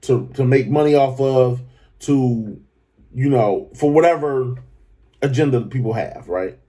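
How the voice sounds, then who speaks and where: A man hosting a podcast, talking in a loose, profane, animated commentary style that keeps jumping up into excited high pitches. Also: unhurried. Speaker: podcast host. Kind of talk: casual commentary monologue.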